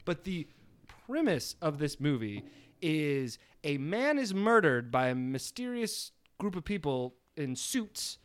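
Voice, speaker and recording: A man's voice: on the high side, sing-song, slow pace, clean tone. A man co-hosting a casual movie podcast, steering the talk and laughing often. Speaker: podcast co-host.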